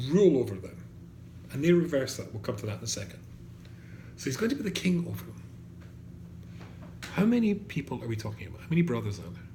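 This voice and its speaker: In a fairly high voice with a darkish tone, a rabbi leads students through an animated Torah lecture, quoting and translating Hebrew verses and questioning the room. There's echo in the space and faint background noise.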